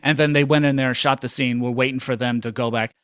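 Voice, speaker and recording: A man's voice: medium pitch, steady tone, quick pace, fairly bright tone, smooth, no room sound, clean studio sound. Rambling, self-mocking male podcast co-host. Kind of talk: casual storytelling chat.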